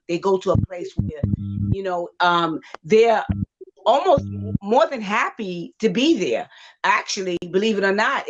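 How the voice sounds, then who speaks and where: A woman psychic on a livestream, talking gently and reassuringly, with many fillers as she tells a story. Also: medium pitch, noisy background. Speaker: psychic panelist. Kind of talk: livestream talk. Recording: dull lo-fi livestream audio.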